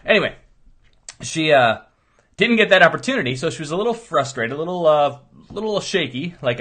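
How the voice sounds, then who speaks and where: Middle-aged chiropractor, man, slightly high voice; earnest, rambling motivational monologue. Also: lively intonation, a little fast, pushed and bright. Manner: earnest, rambling conversational storytelling.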